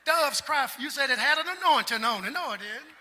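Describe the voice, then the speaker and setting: A man preaching a sermon as pastor, talking with the congregation and building up to shouts. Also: extremely high pitch, animated, a little fast, a little hiss or hum. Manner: preacherly, call-and-response, climbs to shouts. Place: large church sanctuary. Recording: long hall reverb in a large sanctuary.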